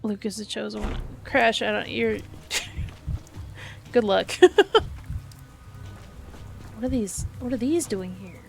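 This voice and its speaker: A woman's voice: mid-range voice, slow, creaky, pauses often, faint music behind. A woman streaming a video game, chatting as she plays, thinking aloud and reading the game's dialogue out. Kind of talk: live gameplay commentary.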